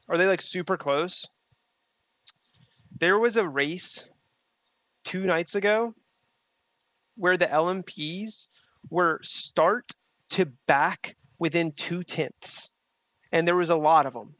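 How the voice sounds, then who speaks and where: A young man with a high-pitched, fairly bright voice streams a sim race, chatting casually with his chat, reading messages aloud and swearing freely. He speaks slowly with long pauses. The recording is dry, with dull, slightly lo-fi stream audio.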